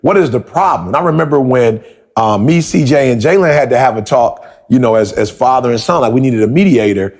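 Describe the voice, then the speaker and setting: A man's voice: mid-range voice, a little fast, a little mellow. A man hosting a motivational conversation, telling stories with emphatic repeated questions. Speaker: podcast host.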